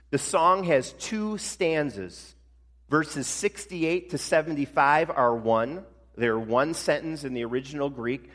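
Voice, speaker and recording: A male pastor preaching a sermon in a conversational way, slowing down for emphasis. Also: medium pitch, a bit bright. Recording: long reverb of a large hall.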